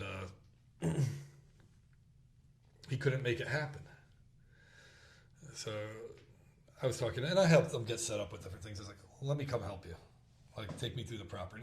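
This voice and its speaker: A man in his thirties telling a hunting story in casual chat, acting out the quotes with quick laughs. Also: medium pitch. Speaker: podcast host. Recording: roomy with faint background noise.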